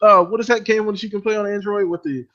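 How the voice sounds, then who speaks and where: Brief: male co-host, easygoing and hesitant, high-pitched, heard on muffled lo-fi audio. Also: steady tone, fast, a bit bright. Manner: easygoing, hesitant, many fillers. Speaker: podcast co-host. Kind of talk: casual gaming chat.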